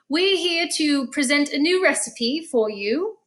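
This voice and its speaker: A woman, a school choir director casually walking viewers through a recipe in a kitchen, chatty and quick to laugh. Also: high voice, expressive, fairly bright tone. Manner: chatty, laughs easily, plays along with banter. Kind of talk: casual cooking demonstration.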